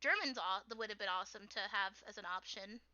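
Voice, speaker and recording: A woman's voice: mid-range voice, fast, bright, forceful tone. A young American woman chatting casually while drawing on a stream, rambling and giggling with lots of fillers. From United States. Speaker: artist streamer. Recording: dull lo-fi stream audio.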